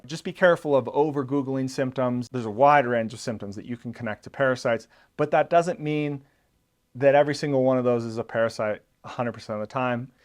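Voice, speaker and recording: A man talks to his viewers in an easygoing, conversational way, with a mid-range voice and the odd "uh" and "you know". He explains step by step, like a channel host giving practical tips, and he pumps up the energy when he acts out what a patient might say. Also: mid-range voice. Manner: conversational and reassuring, with loose fillers; acts out quoted patients with sudden emphasis. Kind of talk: casual explainer to camera.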